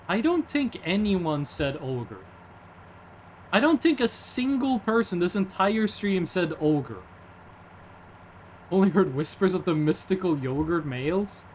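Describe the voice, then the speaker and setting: A man's voice: high-pitched, slight background noise. A young man, streaming casually in a rambling, jokey way and answering chat. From Norway.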